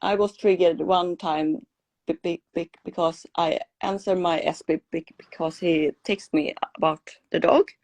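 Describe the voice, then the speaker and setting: A woman being coached, hesitant and halting, stumbling and restarting as she answers. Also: lowish voice, fairly even intonation, darkish tone, no room sound. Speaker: coaching client. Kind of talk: one-on-one coaching session.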